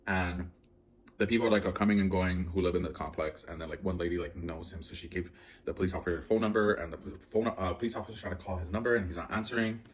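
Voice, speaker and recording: Mukbang vlogger, low-pitched man, rambling anxious storyteller, faint hiss in the room. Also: quick pace. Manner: rambling, filler-heavy, anxious retelling. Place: at home, indoors.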